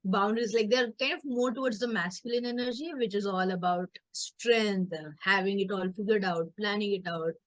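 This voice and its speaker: A chatty woman hosts an online workshop in a mid-range voice, animated and jokey, often slipping into playful voices for her family. The sound is dry and close. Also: medium pitch, moderate pace, hardly any pauses, no room sound, low-quality recording. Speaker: coach and community host. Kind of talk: casual workshop chat.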